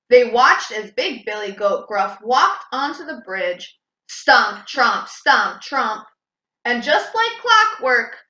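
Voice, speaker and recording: Woman storytime reader, slow and expressive, bright voice; roomy echo. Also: fairly high pitch, lo-fi sound. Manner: expressive, sing-song read-aloud. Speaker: children's storytime host. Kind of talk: reading a storybook aloud.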